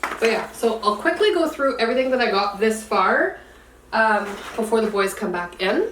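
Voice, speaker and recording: Chatty mom vlogger, high voice, roomy. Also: female voice, animated, normal speed, fairly bright tone, far from the mic, a little hiss or hum. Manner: chatty, upbeat, lots of fillers. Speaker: homemaking vlogger. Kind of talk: casual vlog narration. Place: home.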